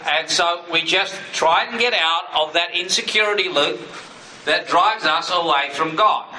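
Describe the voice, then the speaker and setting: Earnest preacher in an echoey hall. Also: male voice, unhurried, pushed and bright, recorded from a distance, a little hiss or hum. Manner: earnest, mimics inner voices with sudden high bursts. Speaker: pastor. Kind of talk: sermon.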